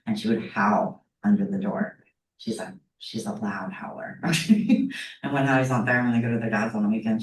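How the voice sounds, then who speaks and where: A woman's voice: a bass voice, darkish tone. A middle-aged woman teaching a psychology class in a casual, chatty storytelling way, often checking in with her students. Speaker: psychology instructor. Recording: echoey classroom heard from a distance.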